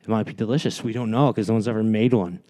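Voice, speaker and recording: A man's voice: lowish voice, fairly even intonation, fast talker, dark tone. A man in casual podcast banter, stubbornly pushing an odd point and swearing freely.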